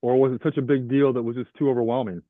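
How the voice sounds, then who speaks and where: A man's voice: mid-range voice, level tone, racing, no echo. A man hosting a podcast, asking his guest questions and giving brief acknowledgments. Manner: brief backchannel listener. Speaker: podcast host. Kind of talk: interview questions. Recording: dry, tinny phone-like line.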